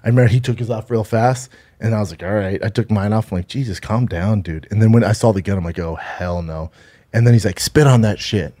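A man's voice: on the low side, quick pace, warm tone. Laughing man telling a wild story. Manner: laughing, acts out voices, swears a lot. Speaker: podcast co-host. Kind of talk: casual storytelling chat.

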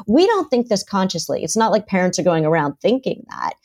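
A middle-aged woman, a therapist and author, is a guest on a podcast interview, animatedly acting out the voices of parents and children. Her voice is medium-pitched and a little fast.

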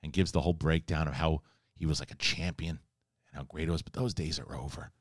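A low-voiced man walks through a show in a casual spoiler review. He rambles and jokes, dropping into quick impressions of the characters' lines. The sound is close and dry, with no room around it. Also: slightly rough, dry recording. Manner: animated, acts out characters' lines in a joking voice; rambling, conversational, mild swearing.

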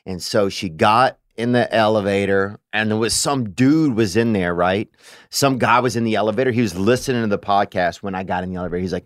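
A man co-hosting a podcast, telling stories in a rambling, halting way and often clearing his throat. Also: fairly low pitch, no room sound, studio quality. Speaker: podcast co-host. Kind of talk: casual chat.

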